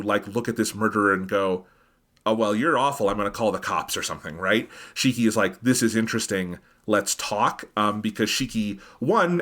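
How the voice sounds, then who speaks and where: A man co-hosting an anime review podcast, talking through a film's themes in a casual, analytical way that livens up when he quotes characters. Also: fairly low pitch. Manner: thoughtful, animated when quoting characters. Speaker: podcast co-host.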